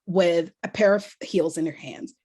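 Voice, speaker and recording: A woman author and motivational speaker telling a story as a podcast guest, animated and laughing often. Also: lowish voice, a little slow, husky.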